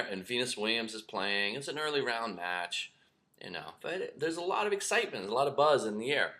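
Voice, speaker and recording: A middle-aged man telling a personal story to camera as a spiritual teacher, animated, acting out shouts and whispers. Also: on the low side. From lives in New York.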